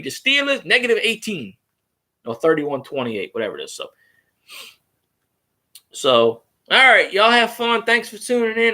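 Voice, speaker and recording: A man's voice: sits high, sharp tone. A man, rambling casually and crudely on his fan vlog. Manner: loose, rambling and crude, with fillers. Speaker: fan vlogger.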